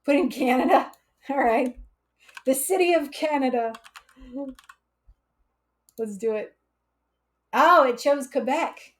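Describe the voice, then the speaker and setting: A woman's voice: sits high, slow, long pauses. A woman hosting a casual live coding stream, chatty and laughing often as she reads chat aloud. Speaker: livestream coding instructor.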